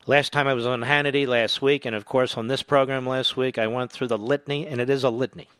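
A man's voice: medium pitch, fairly even intonation, fast talker, smooth, no echo, clean studio sound. Indignant male political talk host. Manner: indignant, emphatic, rising to loud outrage. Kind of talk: combative political commentary monologue.

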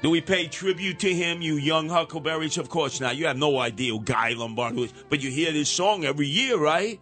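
A man's voice: on the high side, brisk, a bit bright, soft background music. An older man hosting a radio talk show, rambling and wisecracking as he ribs his younger co-hosts. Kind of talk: casual talk radio banter.

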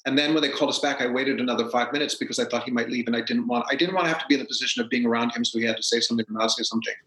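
A man, a stage actor as a guest, telling stories in a casual, animated way and acting out what people said. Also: medium pitch, racing. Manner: animated, acts out quotes. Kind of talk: casual storytelling. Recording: roomy echo.

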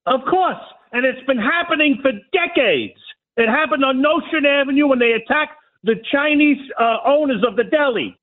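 A fed-up middle-aged man from Brooklyn, yelling his complaints into a call-in show. His voice sits very high for a man. It comes through a thin, tinny phone line. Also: moderate pace. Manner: yelling, fed up, repeats accusations. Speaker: caller. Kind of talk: angry call-in rant.

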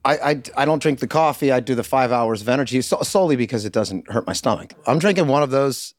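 A man's voice: mid-range voice, animated, quick pace, no echo, clean studio sound. A middle-aged man co-hosting a podcast, telling rambling, self-mocking stories in casual chat. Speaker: podcast co-host.

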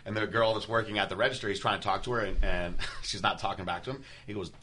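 A man's voice: lowish voice, fast talker, a little hiss or hum. A man co-hosting a podcast, chatting casually and retelling stories with acted-out quotes. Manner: animated storyteller who acts out quotes. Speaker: podcast co-host. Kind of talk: casual chat.

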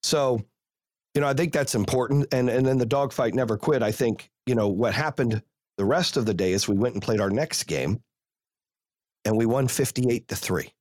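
A man's voice: mid-range voice, brisk, a little mellow, no room sound, clean studio sound. A man hosting a podcast and coaching youth football, telling stories in a blunt, fired-up, profane way. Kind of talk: casual podcast chat.

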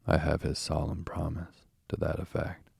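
Give me a grave old badger in a sleepy bedtime storybook, read by a man, very deep and gravelly, dark and husky, close and dry. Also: completely flat delivery, dry recording, full character voice. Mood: solemn. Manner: grave, measured scolding. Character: stern, solemn old male badger. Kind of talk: soothing bedtime storybook reading.

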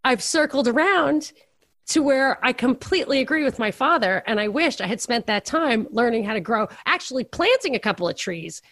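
A woman's voice: on the high side, lively intonation, normal speed, fairly bright tone, dry recording, studio quality. A middle-aged woman on a podcast, telling rambling, self-deprecating stories in casual chat. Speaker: podcast co-host.

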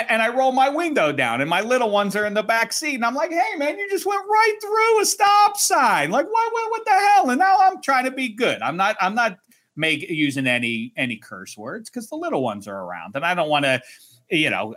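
A middle-aged man on a sports talk show, telling stories with lively, self-mocking energy. His voice sits a little high and sounds bright and forceful. He talks in quick bursts of banter. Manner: animated, self-mocking storyteller.

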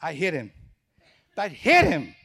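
A man's voice: on the high side, unhurried, slightly rough. A male pastor preaching a sermon, telling stories and acting out dialogue in English that is not his first language. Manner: animated storytelling, acts out dialogue; non-native English phrasing.

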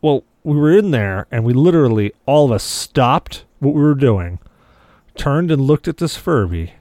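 A man's voice: medium pitch, animated, moderate pace, a little mellow, dry recording. A man co-hosting a casual podcast chat, rambling through stories and swearing freely. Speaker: podcast co-host.

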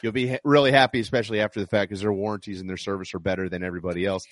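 Chatty low-voiced sports radio host. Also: male voice, steady tone, racing, no echo. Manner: chatty, salesy, folksy. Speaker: sports talk show host. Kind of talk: sports radio talk with live ad reads.

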